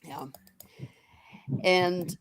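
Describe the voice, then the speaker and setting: A woman's voice: on the low side, steady tone, extremely slow. A middle-aged woman hosting a casual livestream chat, laughing often and greeting viewers by name. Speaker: host.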